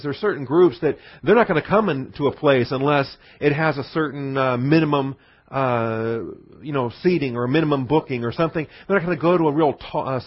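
A man teaching a Bible study in sermon style, animated, fond of wordplay, stressing key words and using many fillers. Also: medium pitch, breathy edge, no echo. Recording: dull, dry lo-fi recording.

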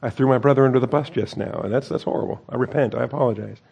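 Reading a Bible passage and then discussing it loosely, this man speaks in a mellow, relaxed, medium-pitched voice that races along, creaky and slightly rough. Between verses he drops wry, self-correcting asides.

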